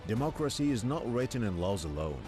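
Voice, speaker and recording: A man giving scripted, measured news narration with a dramatic delivery. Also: lowish voice, sing-song, over music.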